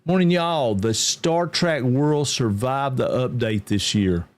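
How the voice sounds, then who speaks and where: This is a middle-aged man hosting a relaxed game livestream. He rambles in an easygoing way. He greets his viewers by name as he chats. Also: mid-range voice, slow pace. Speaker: game streamer. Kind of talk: casual livestream chat.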